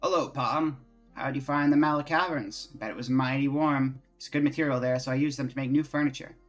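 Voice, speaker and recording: A man's voice: mid-range voice, steady tone, a little fast, soft background music, close to an everyday voice. Folksy village carpenter, as a man reads him. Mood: friendly. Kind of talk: reading game dialogue aloud.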